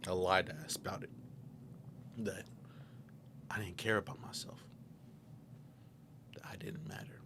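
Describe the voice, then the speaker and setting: A young man with a soft-spoken, earnest, reflective way of talking, often dropping to a near whisper, as he tells a personal confession. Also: on the low side, background noise. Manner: earnest and reflective, with pauses and restarts. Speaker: podcaster telling his story.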